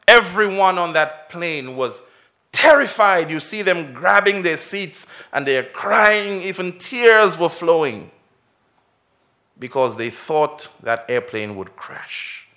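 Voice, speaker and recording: Pastor guy giving a kids sermon, slightly high voice, bright and punchy, lots of questions to the crowd. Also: takes it slowly. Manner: expressive storytelling, swells and drops in loudness and pace; asks the listeners many direct questions. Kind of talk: children's sermon with story.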